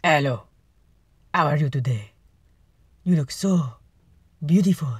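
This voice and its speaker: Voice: mid-range voice, lively intonation, measured pace, slightly rough, dry recording, clean studio sound. A vlogger voicing a flirty, cartoonish French charmer in an exaggerated fake French accent, suave and over the top.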